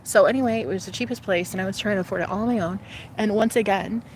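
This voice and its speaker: A young woman vlogger telling a personal story in an animated, profane, casual way, jumping between voices. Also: medium pitch, quick pace, slight background noise.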